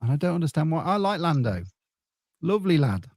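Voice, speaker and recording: A man's voice: a little high, sing-song, fairly quick, darkish tone, dry recording, studio quality. A man, co-hosting a podcast in a casual, wry football chat and reading out listener comments. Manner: wry, laid-back, reads listener comments. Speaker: podcast co-host.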